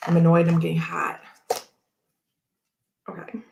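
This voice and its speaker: A woman in her thirties hosts a casual tarot livestream with a somewhat low voice. She rambles through stories and readings in an easy, chatty way, laughing often as she goes. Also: monotone, measured pace, gravelly, darkish tone, a little hiss or hum. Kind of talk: casual chat while handling cards.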